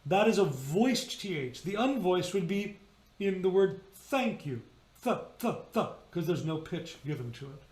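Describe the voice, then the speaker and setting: A high-pitched man teaches a choir how to shape their sounds, stopping again and again to demonstrate a vowel or consonant aloud. His voice rings out in a roomy, echoey space. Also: lively intonation, moderate pace, a little mellow. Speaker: choir director. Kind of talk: rehearsal teaching on singing diction. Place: indoors, remote rehearsal video.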